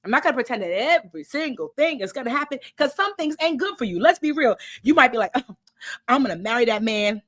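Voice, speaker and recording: High-voiced lady coaching live, super expressive, preachy and hypes you up. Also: fast, hardly any pauses. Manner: animated, emphatic, repetitive. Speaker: host, life coach. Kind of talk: live online workshop, preachy.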